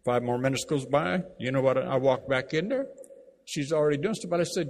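A man preaching a sermon, emphatic, repeating key phrases and slowing down to read scripture aloud. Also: medium pitch, animated, a little hiss or hum. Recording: long reverb of a large hall.

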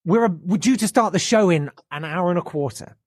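Guy on a podcast telling a story, really animated, goes up and down a lot, bit husky. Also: high-pitched, normal speed, no room sound, studio quality. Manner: animated anecdote telling, acts out quoted people. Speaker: podcast guest. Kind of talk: casual storytelling chat.

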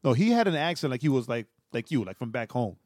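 A man's voice: medium pitch, sing-song, fast talker, a little mellow, dry recording, clean studio sound. A man co-hosting a podcast in casual chat, who laughs often and chimes in to agree. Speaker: podcast co-host.

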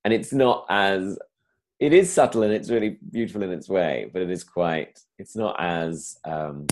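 A man's voice: deep voice, normal speed. A man, a comedian, chatting casually in a rambling way, full of fillers and restarts. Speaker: comedian guest. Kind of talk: casual conversation.

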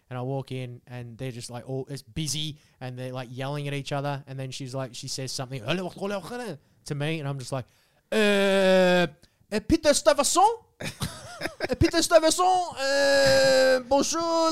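A young Australian man co-hosting a podcast, telling rambling, animated stories in casual chat. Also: medium pitch, moderate pace, hardly any pauses, clean tone. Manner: rambling, animated storytelling with restarts. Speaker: podcast co-host.

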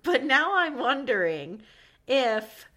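A woman with a slightly raised pitch gives blunt opinions on a casual podcast about reality TV. She swears easily and drops her voice low when sharing a juicy theory. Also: sing-song, slow pace, bright, forceful tone. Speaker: podcast co-host. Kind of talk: casual chat recapping a reality show.

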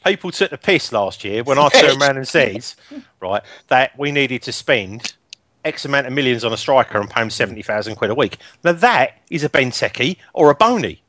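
Blunt bloke on a dry mic. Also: male voice, mid-range voice, animated, normal speed, pushed and bright, no room sound. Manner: blunt, insistent. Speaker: football podcast panelist. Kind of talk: casual chat.

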